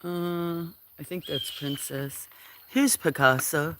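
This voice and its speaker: Unhurried, gravelly live-stream host filming farm cats on a phone; chatty and apologetic with viewers. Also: mid-range voice, fairly bright tone, a little hiss or hum. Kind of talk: casual live-stream chat. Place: farm, among the cats at feeding time. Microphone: handheld phone.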